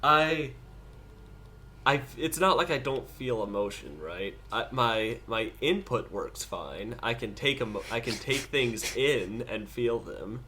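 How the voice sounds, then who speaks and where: A man co-hosting a casual art podcast, talking in a hesitant, halting way with restarts and dry understatement. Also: medium pitch, pushed and bright, slight background noise. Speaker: podcast co-host. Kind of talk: casual chat.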